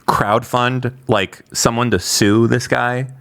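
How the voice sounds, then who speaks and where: A man's voice: mid-range voice, fairly even intonation, slow pace, creaky, a bit bright, clean tone. A man co-hosting a casual podcast, blunt and swearing freely as he jokes. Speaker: podcast co-host.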